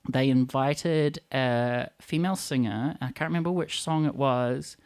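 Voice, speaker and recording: Very deep-voiced playful woman host. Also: unhurried, darkish tone, clean tone. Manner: playful, jumps to tangents and jokes. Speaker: radio host. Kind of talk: casual radio chat.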